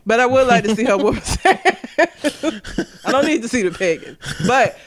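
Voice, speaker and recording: Very high, lively, blunt-talking man. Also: normal speed. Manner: blunt, opinionated ranting. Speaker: podcast co-host. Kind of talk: casual chat.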